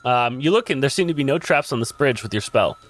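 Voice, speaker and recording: A man running a tabletop game as dungeon master, narrating in a halting way with many pauses. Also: mid-range voice, expressive. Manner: halting, full of ums and restarts.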